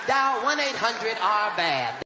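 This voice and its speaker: A man imitating a quiet, mock-serious drug commercial announcer. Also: sits high, sing-song, slow, echoey room, noisy background, heavily acted. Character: hushed drug-ad announcer, male.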